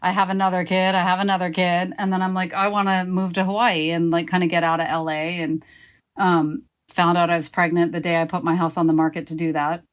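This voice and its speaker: Low-voiced woman with dull lo-fi sound. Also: level tone, fairly quick. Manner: frank and profane, acts out her own past remarks. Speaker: guest. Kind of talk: candid personal storytelling.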